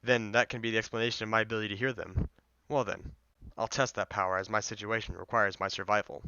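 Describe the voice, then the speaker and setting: A calm, defiant young man, read by a man pressing a demon with blunt questions, in a bright, smooth voice. The recording is dry and a little dull. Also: lowish voice, fast talker, dry recording. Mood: demanding. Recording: slightly dull lo-fi mic, dry.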